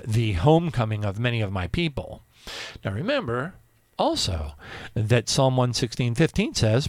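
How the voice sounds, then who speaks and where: A man from Pennsylvania giving an informal Bible teaching, animated and full of stumbling restarts. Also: mid-range voice, dry recording.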